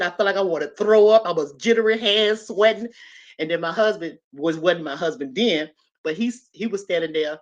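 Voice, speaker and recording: A woman's voice: on the low side, normal speed. A woman, telling a personal story and talking straight to her listeners. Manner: animated, talks straight to listeners.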